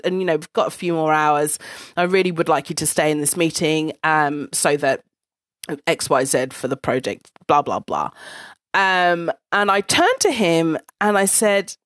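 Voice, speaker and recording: A blunt, animated woman telling a personal story straight to the listener, swearing freely along the way. Her voice sits low for a woman but swings widely up and down as she talks. The recording is dry and close, with no room sound. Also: normal speed, no room sound. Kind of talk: casual storytelling monologue.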